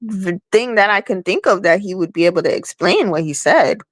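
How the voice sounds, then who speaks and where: A woman's voice: medium pitch, expressive, brisk, no room sound. Teasing woman co-host, dry close sound. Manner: teasing, wry, prodding questions. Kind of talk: casual chat.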